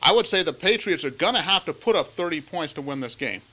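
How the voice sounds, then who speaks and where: Male sports host, high and bright, emphatic analysis chat. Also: lively intonation, quick pace. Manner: emphatic, leads the questions.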